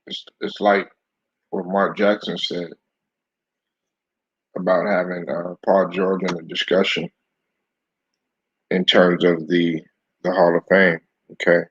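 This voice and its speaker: A man's voice: low-pitched, little pitch movement, slow pace, long pauses, husky, no room sound, dull audio. A man hosting a casual live-stream sports talk show, chatty and loose, greeting his viewers by name.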